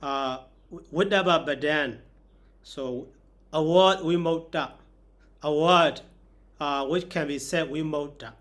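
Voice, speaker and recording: A man's voice: fairly high pitch, slow, a bit bright. A man, a monk teacher giving a grammar lesson and explaining it step by step.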